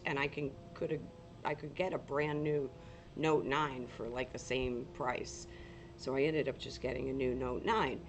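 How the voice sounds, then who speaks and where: A woman with a hoarse, gravelly voice, chatting casually and rambling with laughs as she hosts a paranormal livestream from home on a laptop mic. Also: low-pitched, slight background noise. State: hoarse, losing her voice.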